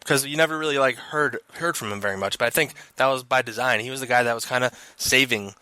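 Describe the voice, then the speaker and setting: A man's voice: mid-range voice, fast talker, bright, forceful tone, smooth, no room sound. Young man chatting about football. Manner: loose and conversational, laughs easily. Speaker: sports reporter co-host. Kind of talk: casual sports analysis chat.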